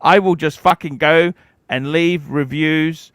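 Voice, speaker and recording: A man's voice: on the high side, fairly even intonation, slow, fairly bright tone, smooth, dry recording. A cantankerous man in his forties, hosting a livestream and ranting with heavy profanity. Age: 40s. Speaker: livestream host.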